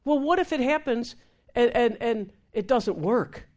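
A woman minister telling a lively testimony in conversation, acting out the voices of the people in her story and laughing as she goes. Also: on the high side, unhurried. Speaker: Christian minister. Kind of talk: testimony talk show conversation.

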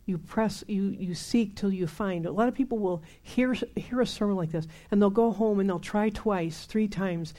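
A woman's voice: mid-range voice, normal speed, few pauses, warm tone. A woman in her seventies preaching a sermon in a conversational, emphatic way, repeating phrases for stress.

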